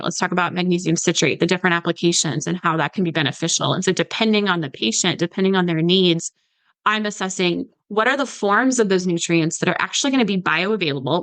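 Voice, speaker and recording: A woman's voice: lowish voice, quick pace, a bit bright, dry recording, low-quality recording. Dietitian woman explaining, dry sound. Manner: explanatory, many "like" fillers, mimics patients. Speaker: registered dietitian guest. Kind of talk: podcast conversation.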